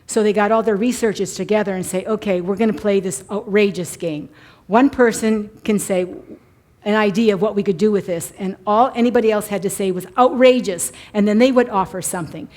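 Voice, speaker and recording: Older woman, conference presenter, animated storyteller, live mic in a church hall. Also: medium pitch, fairly quick. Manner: animated storytelling, mock voices. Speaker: workshop presenter. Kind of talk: conference talk.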